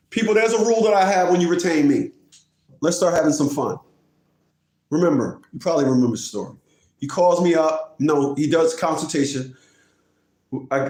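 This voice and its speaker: A man telling a courtroom story as a family court advocate, acting out the other people in the story with high, exaggerated voices and mocking the listener. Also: a little mellow. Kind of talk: animated storytelling rant. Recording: echoey room.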